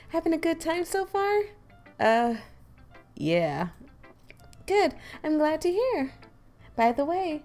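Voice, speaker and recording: A woman's voice: high-pitched, pitched above the performer's own voice. Monika, a woman doing a sweet club president. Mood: friendly. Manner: soft, sweet and friendly. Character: poised gentle teen girl, club president. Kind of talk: voice acting a visual novel.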